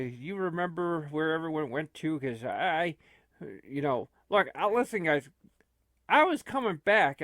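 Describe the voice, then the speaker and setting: A man's voice: on the high side, a bit bright, no echo, studio quality. A man voicing a fretful, talkative old man who stammers and rambles in comic improvised role-play.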